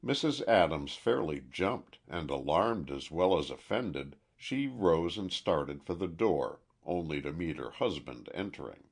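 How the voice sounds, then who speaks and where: Man, audiobook narrator, deep voice, husky, slow, lively intonation. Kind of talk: audiobook reading.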